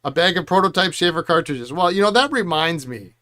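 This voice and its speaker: Rambling middle-aged man, higher voice. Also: animated, fairly quick, sharp tone. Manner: rambling storyteller, chuckles often. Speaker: pen repair host. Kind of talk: casual chat while working.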